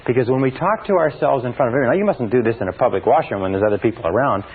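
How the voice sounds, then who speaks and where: A man's voice: mid-range voice, slightly rough. Man lecturing on a tinny old tape. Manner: emphatic, repeats phrases slowly for effect. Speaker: seminar speaker. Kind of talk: motivational seminar talk.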